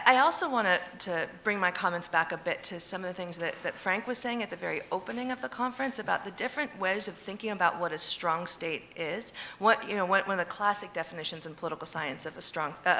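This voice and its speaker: Bright-voiced woman on a conference panel. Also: lowish voice, a little hiss or hum. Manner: thoughtful, many restarts and "right?" checks. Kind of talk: academic panel discussion. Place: conference hall.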